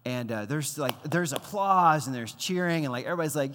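A man in his thirties preaching a sermon as pastor, conversational and animated, acting out the voices he quotes. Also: on the high side, brisk, few pauses, slight background noise. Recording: long hall reverb.

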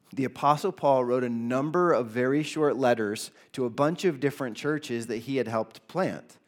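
A male pastor preaches a sermon earnestly, his voice rising for emphasis and dropping low when he quotes lines.

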